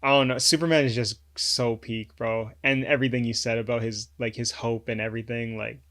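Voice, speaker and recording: A young man co-hosting a podcast, chatting in a relaxed way with lots of slang and fillers. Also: medium pitch, a little fast. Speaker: podcast co-host. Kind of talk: casual chat.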